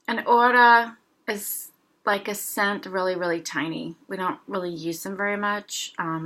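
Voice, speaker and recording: A woman with a fairly low, pushed, and bright voice teaches a language lesson. She reads short dialogues aloud slowly and explains each phrase, repeatedly clearing a sore throat.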